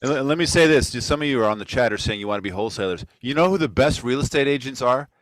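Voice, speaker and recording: A man's voice: medium pitch, animated, rapid-fire, no echo, rough recording. A man hosting a casual online real estate talk, making blunt, emphatic points. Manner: emphatic, preachy opinions. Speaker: podcast host.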